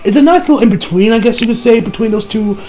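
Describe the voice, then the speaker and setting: A man's voice: very high-pitched, fast talker, warm tone, low-quality recording. A man talking casually as he reviews an anime episode, rambling with lots of restarts and the odd swear.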